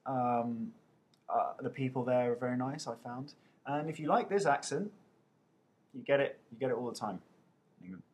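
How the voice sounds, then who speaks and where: A man's voice: mid-range voice, moderate pace, pauses often, darkish tone, breathy edge. A young man with an English accent, casually answering viewers' questions over a webcam, chatty and poking fun at himself. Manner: chatty, self-mocking, playful.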